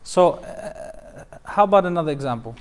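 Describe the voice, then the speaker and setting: Leading a Quran recitation class, a male imam speaks in a high, clear, resonant voice at a normal, animated pace. He patiently explains each rule, repeats the verses, asks his students for examples, and frequently drifts into a melodic chant.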